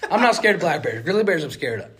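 Young Southern male co-host, casual storyteller, lively with quotes and sound effects. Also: a little high, quick pace, noisy background. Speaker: podcast co-host.

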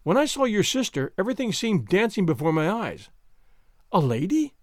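A man's voice: very animated, moderate pace, no room sound, clean studio sound. A man reading aloud and voicing a fussy, timid schoolmaster who speaks in a fretful, pleading way. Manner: fretful, pleading, higher pitch. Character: fussy, timid male schoolmaster, anxious and prim.

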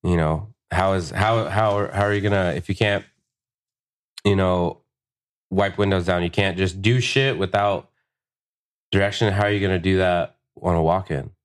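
A man's voice: sits low, steady tone, moderate pace. A man in a casual podcast chat, telling a rowdy, profanity-laced story and acting out the quotes. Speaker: podcast guest, tattoo artist. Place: tattoo shop podcast room.

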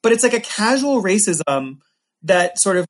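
A man hosting a casual chat, animated and sarcastic, with quick asides. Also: high voice. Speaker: podcast host.

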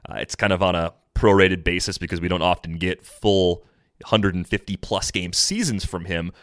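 A man's voice: deep voice, moderate pace, no room sound, studio quality. A man hosting a podcast, upbeat and conversational as he steers the chat. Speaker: podcast host. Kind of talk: casual chat.

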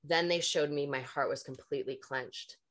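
Woman, low voice, energy healer, podcast guest, candid storytelling, rambling, swears freely. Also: normal speed, fairly bright tone.

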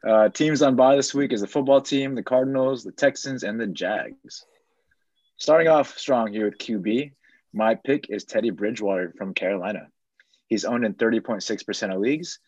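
Man, low-pitched voice, dry and dull lo-fi sound, casual sports podcast, rattles off stats. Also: normal speed, darkish tone, no echo. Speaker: fantasy football segment host.

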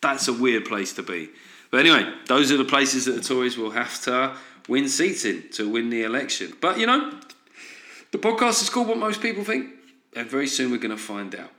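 A man's voice: mid-range voice, sing-song, brisk, bright, forceful tone, slight background noise. A man hosting a solo comedy podcast, ranting sardonically and tossing in frequent "right?" asides. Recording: roomy echo.

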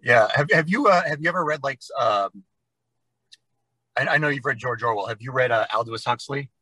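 A man's voice: medium pitch, brisk, sharp tone, no room sound, poor audio. A man on a podcast, talking casually and ranting with strong opinions, with plenty of fillers.

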